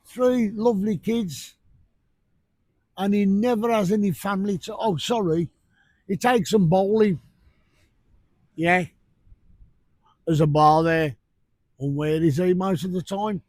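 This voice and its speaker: A man, talking casually for a fishing vlog in a blunt, sweary, ranting way, outdoors on a beach at night by rough surf. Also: fairly high pitch, darkish tone, no echo. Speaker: fishing vlogger.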